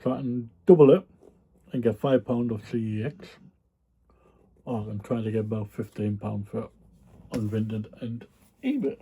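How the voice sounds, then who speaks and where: A man's voice: on the low side, moderate pace, pauses often, dark tone, slight background noise. A man talking casually to his viewers about items he resells, rambling with frequent ums and the odd yawn. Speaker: reseller vlogger. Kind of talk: casual chat.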